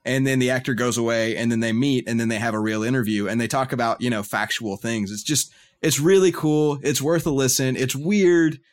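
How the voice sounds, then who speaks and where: A man's voice: mid-range voice, steady tone, fairly quick. Chatty male podcast co-host. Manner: enthusiastic, filler-heavy recommender. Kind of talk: casual chat.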